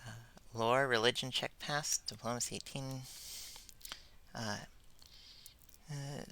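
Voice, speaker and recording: A man's voice: mid-range voice, steady tone, slow pace, long pauses, pushed and bright, no room sound. A man streaming a role-playing game, making playful, chuckling asides. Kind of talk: casual game commentary.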